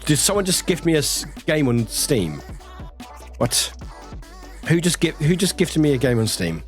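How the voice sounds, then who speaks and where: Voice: mid-range voice, very animated, faint music behind. Chatty streamer reading chat aloud. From United Kingdom. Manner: chatty, rambling, warm toward chat, quick laughs. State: slight lingering cough.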